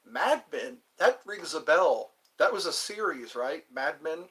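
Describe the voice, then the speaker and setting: A man's voice: a little high, animated, unhurried, bright, forceful tone. A middle-aged man hosting a rambling live chat, joking around and putting on mock voices. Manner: joking, sings lines, mock accents. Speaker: livestream host.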